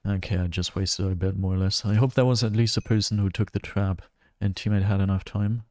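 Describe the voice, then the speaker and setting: A man's voice: on the low side, steady tone, fairly quick, darkish tone, no room sound. A male streamer chatting casually while playing a game, rambling and laughing often. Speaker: gaming streamer. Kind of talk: casual gameplay commentary.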